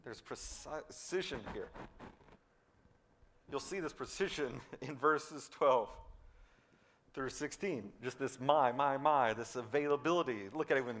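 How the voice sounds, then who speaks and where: Male pastor, sermon delivery, mid-pitched, dynamic swings between emphatic and hushed, repetitive for emphasis. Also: unhurried, long pauses. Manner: swings between loud emphatic declarations and quiet, low asides; repeats words and restarts when stressing a point.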